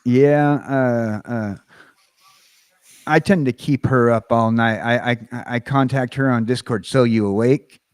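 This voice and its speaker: A man's voice: mid-range voice, steady tone, takes it slowly, clear, resonant tone, dry recording, clean studio sound. An American man hosting a casual livestream chat. He rambles and halts, with lots of fillers and restarts. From United States. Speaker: livestream host.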